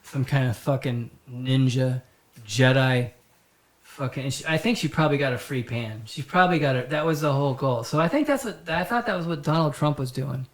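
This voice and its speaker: Rambling, profane comic storyteller. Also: male voice, medium pitch, normal speed. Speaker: podcast host. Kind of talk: casual comedic storytelling. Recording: roomy echo.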